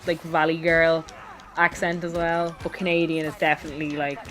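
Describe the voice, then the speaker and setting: An Irish woman in a casual let's-play chat, talking freely and often jumping up in pitch. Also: little pitch movement, moderate pace.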